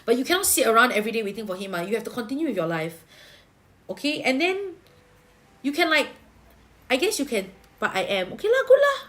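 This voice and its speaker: A woman's voice: fairly high pitch, very animated, fairly quick, long pauses, sharp tone, slight background noise. A woman giving a livestream tarot reading, talking bluntly and chattily to viewers. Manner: blunt, chatty, peppered with "lah" and "leh" particles. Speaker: tarot reader.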